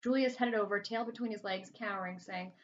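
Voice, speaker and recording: A woman's voice: medium pitch, fairly quick, a little hiss or hum. A woman reading a children's novel aloud in a casual, chatty first-person storytelling way. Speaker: reader. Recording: slightly muffled lo-fi recording.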